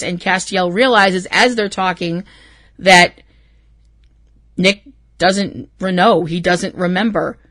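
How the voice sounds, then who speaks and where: A woman's voice: medium pitch, a bit bright, no room sound. A woman hosting a podcast, recapping an episode in a rambling, emotional way with plenty of swearing. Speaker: podcast host.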